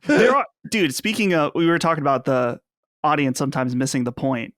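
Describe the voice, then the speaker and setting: Hesitant man with a higher voice. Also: animated, fairly quick, fairly bright tone, no echo, studio quality. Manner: hesitant, filler-heavy. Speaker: podcast co-host. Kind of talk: casual podcast chat.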